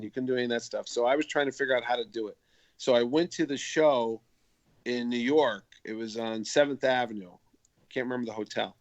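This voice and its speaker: A man's voice: medium pitch, dry recording, lo-fi sound. Man, convention organizer, chatty storyteller, restarts a lot, does voices for the people in his stories, dry sound. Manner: chatty, rambling with restarts and repeated words; acts out other people's voices in anecdotes. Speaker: comic convention organizer, guest. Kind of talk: casual interview storytelling.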